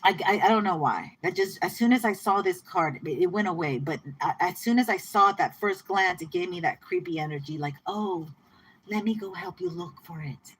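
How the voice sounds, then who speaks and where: A woman giving a casual tarot reading to her viewers, chatty and excitable, often repeating herself and laughing. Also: lowish voice, brisk, few pauses, a little hiss or hum, rough recording. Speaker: tarot reader.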